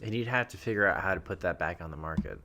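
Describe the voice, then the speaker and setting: A man's voice: low voice, expressive, fast talker, sharp tone, a little hiss or hum. A man co-hosting a comedy podcast, riffing in casual banter and laughing often. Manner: jokey, laughs often, riffs on news. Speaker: podcast co-host.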